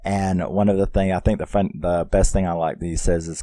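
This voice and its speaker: A man's voice: low-pitched, fairly even intonation, a little fast, hardly any pauses, dark tone, no room sound. A man giving a casual, rambling film review, swearing freely and using lots of fillers. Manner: rambling and profane, with many fillers.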